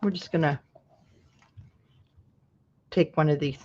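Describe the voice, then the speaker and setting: A woman's voice: sits low, fairly even intonation, slow pace, darkish tone, muffled recording. A woman from Utah hosting a live craft tutorial, talking viewers through each step in a chatty way and breaking off into asides. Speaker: craft show host.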